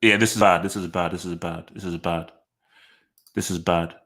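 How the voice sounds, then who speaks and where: His voice sits low with fairly even intonation and a fairly bright tone, at normal speed, as he hosts a football channel with casual live reaction. Thinking aloud, he repeats short phrases and restarts sentences.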